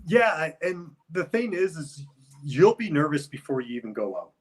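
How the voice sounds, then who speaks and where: A man's voice: fairly high pitch, sing-song, normal speed, slight background noise, low-quality recording. Rambling man chatting as a guest. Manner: loose, rambling, lots of "like". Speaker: guest, wrestler. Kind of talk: casual interview chat.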